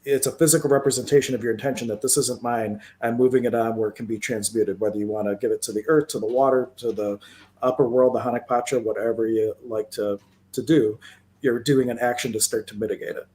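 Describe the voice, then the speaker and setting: Calm man explaining energy healing. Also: medium pitch, fast talker. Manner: calm explainer who uses spiritual terms. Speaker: co-host, energy healer. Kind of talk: casual livestream conversation.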